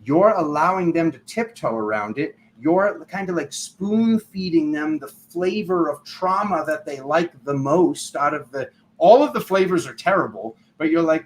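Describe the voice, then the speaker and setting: A man's voice: fairly high pitch, expressive, normal speed, slight background noise, poor audio. A man giving a tarot reading in a rambling, casual monologue full of fillers, sometimes acting out other people's voices. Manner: rambling, filler-heavy, acts out quoted voices. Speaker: tarot reader.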